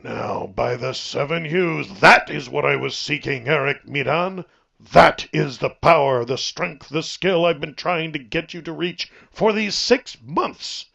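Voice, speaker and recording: Storybook immortal mentor, male, booming and formal, read by a man, gravelly tone, muffled recording. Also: big pitch swings, unhurried, pushed and bright, full character voice. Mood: exultant.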